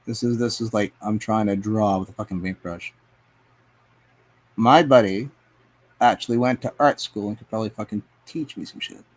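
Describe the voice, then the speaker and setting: A man's voice: fairly low pitch, moderate pace. Casual swearing man talking while painting. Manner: rambling, talks to himself and chat, swears often. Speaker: live streamer painting on air. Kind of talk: casual live-stream chat while painting.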